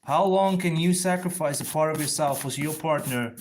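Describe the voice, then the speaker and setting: Casual male streamer, slightly high-pitched, rambling and profane, talking while he draws. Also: normal speed, slight background noise. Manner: loose, profane, thinks aloud and answers viewers. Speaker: comic artist streaming while drawing. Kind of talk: casual rambling livestream chat.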